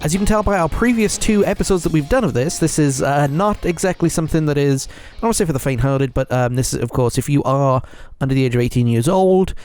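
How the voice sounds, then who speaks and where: A man's voice: a little high, lively intonation, fast, darkish tone, soft background music. A man hosting his own podcast, talking frankly and at length on his own, repeating himself and often checking in with his listeners. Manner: rambling, repeats himself, keeps checking in with "okay?"; frank and earnest. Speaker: podcast host. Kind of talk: solo confessional podcast monologue.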